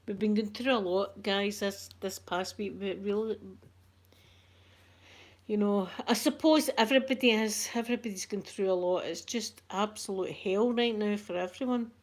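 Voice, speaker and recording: A middle-aged Scottish woman hosting a soft-spoken ASMR vlog, chatty and rambling, with local words like wee and yous. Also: medium pitch, moderate pace. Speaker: ASMR channel host.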